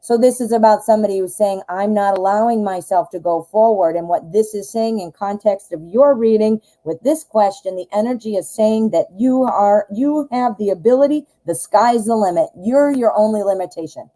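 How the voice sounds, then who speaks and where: Chatty woman reading tarot, mellow voice. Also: medium pitch, moderate pace, few pauses, low-quality recording. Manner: chatty and enthusiastic, talks straight to the viewer. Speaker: tarot reader hosting a live show. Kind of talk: live-stream tarot reading.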